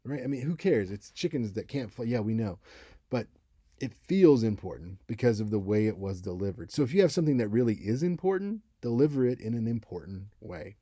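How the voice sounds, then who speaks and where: A man's voice: medium pitch, sing-song, brisk, mellow, dry recording, studio quality. A man in his thirties giving a casual, conversational college lecture on speaking, now and then acting out example voices. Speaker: college instructor. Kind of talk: recorded lecture.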